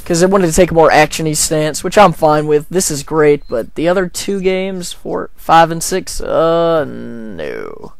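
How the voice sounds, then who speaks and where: A man joking and rambling through a video game playthrough, with a gravelly, slightly high voice. His pitch bounces around a lot as he reacts to the game. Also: expressive, unhurried, hardly any pauses, no echo. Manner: rambling, jokey, self-deprecating. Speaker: let's play gamer. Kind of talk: casual gameplay commentary.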